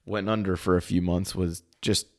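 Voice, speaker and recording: A man co-hosting a podcast talks in a casual, animated and rambling way, full of fillers. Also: deep voice, normal speed. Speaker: podcast co-host. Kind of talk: casual chat.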